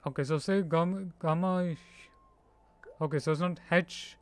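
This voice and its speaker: A man chatting casually on a live stream, haltingly sounding out foreign names and laughing at his own mistakes. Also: fairly high pitch, fairly even intonation. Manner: halting, tries out names slowly, laughs at himself.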